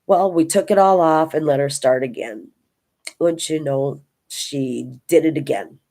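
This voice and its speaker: Older woman, low pitch, casual vlog chat, meandering storyteller. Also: measured pace, dark tone. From Minnesota. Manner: rambling, homey storytelling with many restarts. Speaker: diamond painting vlogger.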